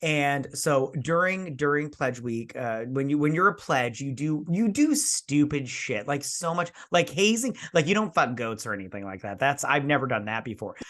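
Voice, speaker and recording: A young man rambles through a long anecdote on a casual review podcast, swearing freely and slipping into quick impressions of the people in it. His voice sits in an ordinary middle range. He spins his tale with loose, chatty energy. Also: mid-range voice, expressive, a bit bright. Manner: rambling storyteller, swears a lot, mimics voices. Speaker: podcast co-host. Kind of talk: casual drunk movie-review chat.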